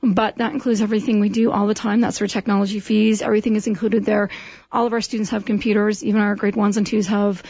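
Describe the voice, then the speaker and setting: A woman's voice: medium pitch, level tone, fast talker, gravelly, darkish tone, husky, no echo. A middle-aged woman, a school administrator telling stories in a friendly, chatty interview, often laughing. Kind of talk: interview conversation.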